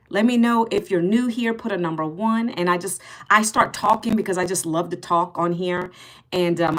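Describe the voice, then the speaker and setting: A woman in her fifties chatting on a live stream, greeting viewers by name and answering their comments, bluntly sarcastic with rude ones. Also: mid-range voice. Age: 50s. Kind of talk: casual live stream chat.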